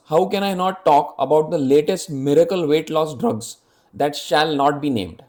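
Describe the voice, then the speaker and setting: A man's voice: fairly high pitch, a little mellow. A man in his fifties presenting a scripted health explainer, speaking earnestly and directly to the viewer with rhetorical questions. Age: 50s.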